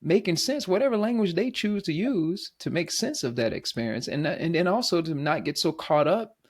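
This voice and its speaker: A man hosting a podcast, talking reflectively in a thoughtful, halting way with many restarts. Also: on the high side, lively intonation, darkish tone. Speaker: podcast host. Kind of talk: reflective conversation.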